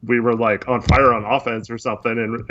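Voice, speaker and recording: A man's voice: medium pitch, flat delivery, a little fast, fairly bright tone, lo-fi sound, a little hiss or hum. A man co-hosting a casual sports podcast, rambling and frustrated with lots of fillers. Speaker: podcast co-host.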